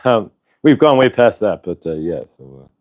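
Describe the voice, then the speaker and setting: A man's voice: lowish voice, big pitch swings, moderate pace, darkish tone, dull audio. A man hosting a casual spiritual livestream, talking in an upbeat, rambling way and reading viewer comments aloud. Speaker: livestream host.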